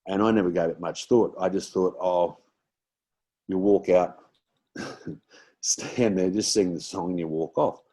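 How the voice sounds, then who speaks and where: A man's voice: deep voice, unhurried, pauses often, mellow. A man in his sixties with an Australian accent, a guest comedian telling rambling stories in a casual chat, with many fillers and restarts.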